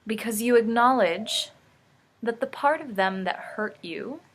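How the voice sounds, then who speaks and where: A woman's voice: on the high side, lively intonation, measured pace, slight background noise. A young adult woman coaching viewers through steps, emphatic and repetitive, with casual swearing. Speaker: life coach. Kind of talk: motivational teaching talk.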